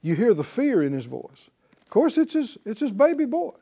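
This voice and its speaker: A man's voice: extremely high pitch, sing-song, normal speed, mellow, breathy edge. A man teaching a Bible lesson in sermon style, emphatic and putting rhetorical questions to his listeners.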